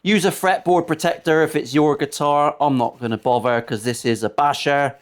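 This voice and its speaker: A man's voice: a little high, steady tone, normal speed. Crude, chatty man in his forties. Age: 40s. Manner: chatty, crude, rambling banter with frequent swearing. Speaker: luthier. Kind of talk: casual workshop vlog. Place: indoor guitar workshop.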